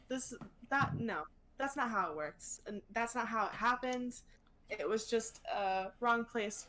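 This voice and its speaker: A woman's voice: a little high, a bit bright. A woman voicing an earnest young vampire woman, tumbling over her words as she reassures someone. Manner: flustered, rapid-fire protests.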